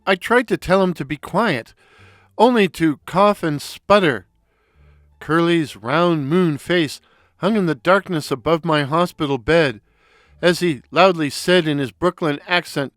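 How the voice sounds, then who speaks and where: A man narrates his own comic story in an unhurried, wry manner. His voice sits a little high and moves slowly. The recording is dry and close, with faint music in the background. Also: fairly bright tone, no room sound. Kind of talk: first-person audio story narration.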